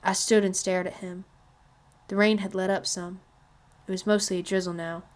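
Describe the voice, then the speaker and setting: A woman narrating a children's novel aloud in a calm, even storytelling manner. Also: medium pitch, normal speed. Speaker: reader.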